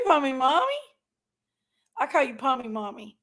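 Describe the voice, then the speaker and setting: A woman's voice: high voice, steady tone, slow. A woman hosting a casual livestream, affectionately greeting viewers one by one by name and sometimes sounding tearful. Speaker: livestream host.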